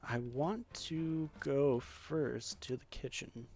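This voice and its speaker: A man's voice: mid-range voice, slow, a little mellow, slight background noise. A young man casually playing a detective game, chatting and laughing at his own slips as he reads the lines aloud. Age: young adult. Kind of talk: casual game playthrough, reading dialogue.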